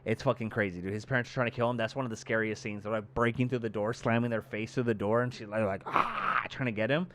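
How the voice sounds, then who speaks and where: A man's voice: lowish voice, fast talker, few pauses, slight background noise. A young man co-hosting a podcast, chatting casually and acting out scenes with lots of swearing. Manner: animated storyteller, swears casually, acts out scenes. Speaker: podcast co-host. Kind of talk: casual chat.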